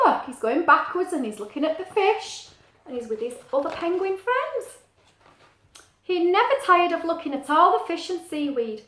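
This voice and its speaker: A middle-aged woman teacher reading a picture book aloud to children, gentle and animated, asking the listener questions. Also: high voice. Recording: echoey room.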